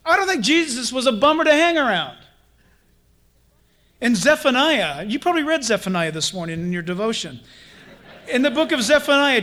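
A pastor with a very high voice preaches a sermon in an animated, conversational style. He acts out playful little dialogues with his congregation.

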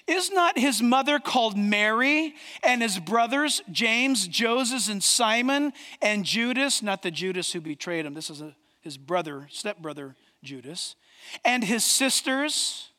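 A man preaching a sermon as a pastor, emphatic, with dramatic pauses. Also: extremely high pitch, sharp tone, in a large hall.

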